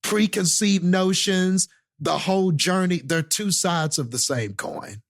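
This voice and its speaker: Male podcast co-host, fairly high gravelly voice, casual and chatty. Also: a little slow. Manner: conversational, says "you know what I mean" and "dude". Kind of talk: casual movie review chat.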